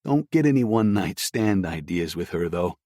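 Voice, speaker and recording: A man's voice: low voice, expressive, moderate pace, a little mellow, dry recording, studio quality. A man voicing a casual, teasing male coworker in an audiobook.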